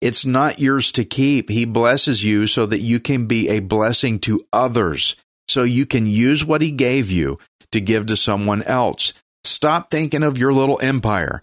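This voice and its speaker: A man's voice: medium pitch, animated, unhurried, a bit bright, dry recording, clean studio sound. A man from Texas with a Texan accent, teaching the Bible on a radio show in a casual, folksy, joking way, sometimes stumbling over names.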